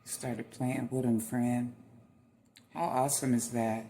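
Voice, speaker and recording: A man's voice: mid-range voice, fairly even intonation, a little slow, warm tone. A man hosting a reaction video, speaking heartfelt to viewers as friends and easily moved to tears. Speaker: channel host. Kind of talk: reaction commentary on video clips.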